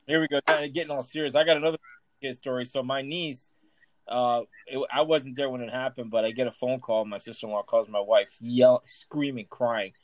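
A Miami-accented man tells a story on a casual podcast at a brisk, excitable clip. His voice has a medium male pitch. It is recorded dry and close, with no room around it. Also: no room sound, low-quality recording. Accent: Miami English. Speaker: podcast co-host.

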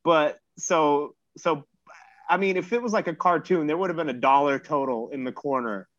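A man's voice: a little high, moderate pace, a bit bright, no room sound. A man in his thirties telling a rambling, self-mocking story in casual chat and swearing freely. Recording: dull lo-fi dry recording.

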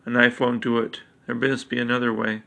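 A man voicing a grave old high wizard in a measured, steady way. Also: creaky.

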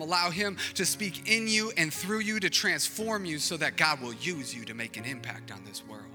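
A man's voice: a little high, bright, forceful tone, big-room sound. A male pastor giving an impassioned sermon, his intensity rising and falling.

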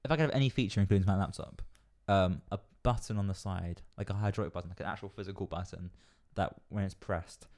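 A young man with a fairly low voice rattles quickly through absurd ideas on a casual comedy podcast. His delivery is loose and rambling. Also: fairly even intonation, darkish tone. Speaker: podcast co-host.

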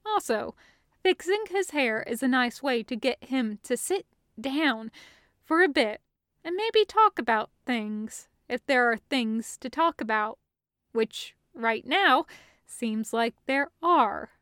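A woman narrating a fan-fiction story as an audiobook reading, in a steady, even storytelling manner. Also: sits high, slow pace, clean tone, dry recording, clean studio sound.

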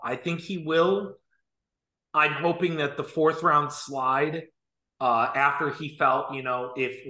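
A man co-hosting a podcast in casual sports chat, animated, joking and emphatic. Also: fairly high pitch. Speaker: podcast co-host. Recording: roomy echo.

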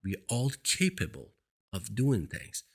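A man's voice: mid-range voice, very animated, slow, gravelly, husky. A man with a foreign accent, a non-native English speaker, giving an earnest, emphatic motivational monologue into a microphone as a talk show host. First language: not English. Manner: earnest, emphatic, repeats points for stress. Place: seated indoors. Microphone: studio microphone.

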